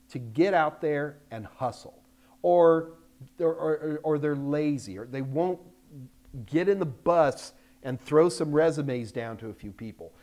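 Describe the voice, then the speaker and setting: An older man hosting a live question-and-answer stream, talking bluntly and emphatically and getting loud when frustrated. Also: fairly high pitch. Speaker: host answering viewer questions. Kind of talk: live Q&A chat. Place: Texas, United States.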